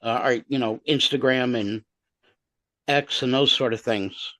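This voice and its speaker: A man in his sixties co-hosting a casual podcast, halting and self-deprecating, full of fillers. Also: medium pitch, sharp tone, dry recording. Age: 60s. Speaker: podcast co-host.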